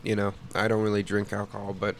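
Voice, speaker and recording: A man joking around on a casual podcast, swearing and reacting loudly. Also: lowish voice, monotone, fast, gravelly, a little hiss or hum. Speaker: podcast co-host.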